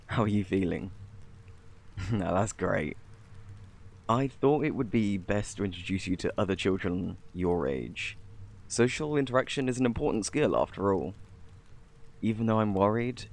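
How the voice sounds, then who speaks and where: A man playing a soft-spoken British alien parent, whispered role-play. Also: fairly low pitch. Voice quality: soft, breathy, tender. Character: gentle male alien parent, protective, nervous. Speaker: ASMR performer.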